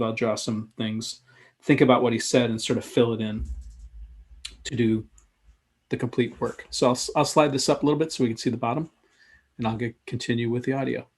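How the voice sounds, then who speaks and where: Male instructor, husky mid-range voice, casual think-aloud tutorial narration. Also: mid-range voice, steady tone, moderate pace. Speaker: sketchnoting instructor. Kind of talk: live drawing tutorial commentary.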